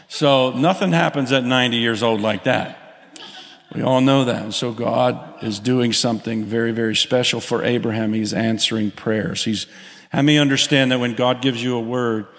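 A man of middle pitch preaches a sermon with animated call-outs to his congregation. His voice carries a long reverb from a large church sanctuary. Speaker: pastor.

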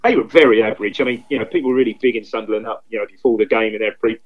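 A man in his fifties, a guest pundit in casual football chat, rambling and repeating himself as he recalls old matches. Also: on the low side. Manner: rambling, repeats himself, quick enthusiastic recollection. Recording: dull lo-fi remote line.

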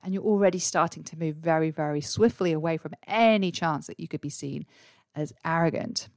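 A woman's voice: sits low, a little fast, a little mellow, no echo. A woman hosting a podcast and coaching her listeners, earnest and full of rhetorical questions. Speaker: podcast host and career coach. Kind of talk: solo podcast advice talk.

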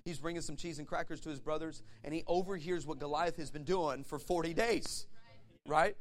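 A male pastor preaching a sermon, animated and conversational, asking the audience questions and acting out stories. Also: fairly high pitch, brisk. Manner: animated storytelling with acted voices and laughs.

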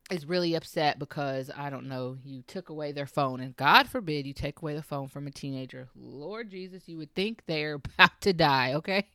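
A woman in her thirties, a mom coach, giving casual parenting advice to camera, animated and laughing often as she acts out teenagers. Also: sits low, moderate pace, no echo, studio quality.

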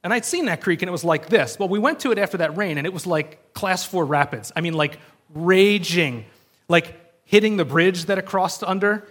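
A man preaching a sermon in a casual storytelling way, full of "like" and quick asides, acting out bits of dialogue. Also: high-pitched. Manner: animated storytelling with frequent fillers, acts out voices. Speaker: pastor.

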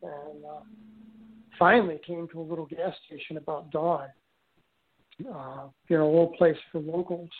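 A man's voice: on the high side, steady tone, moderate pace, pauses often. Guy rambling through a story on a phone line, lots of uhs and restarts, sounds tinny. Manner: rambling, with many fillers and restarts. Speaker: guest telling his story. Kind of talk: casual storytelling.

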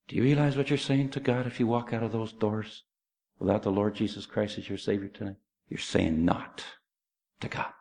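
A middle-aged man preaching an evangelistic sermon, emphatic and pleading, swinging between raised and hushed delivery. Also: on the low side, normal speed, vocal fry.

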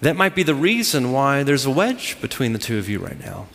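A man's voice: mid-range voice, big pitch swings, fairly quick, gravelly, a bit bright, big-room sound. A man preaching a sermon to a congregation, driving his points home with emphatic repeated phrases. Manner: emphatic, repetitive preaching cadence. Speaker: pastor.

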